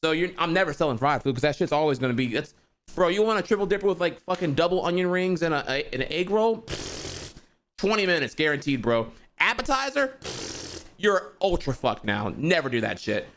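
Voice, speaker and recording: A man's voice: fairly high pitch, animated, quick pace, a bit bright, a little hiss or hum. A young man ranting heatedly to his stream audience, profane and rambling, full of fillers like "dude" and "bro". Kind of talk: casual ranting monologue.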